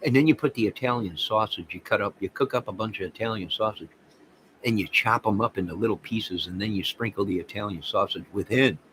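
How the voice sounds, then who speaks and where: Deep-voiced rambling man chatting on livestream. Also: a little fast, a little hiss or hum, rough recording. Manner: rambling, excitable, talks to viewers by name. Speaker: livestream host reading chat. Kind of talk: casual livestream chat.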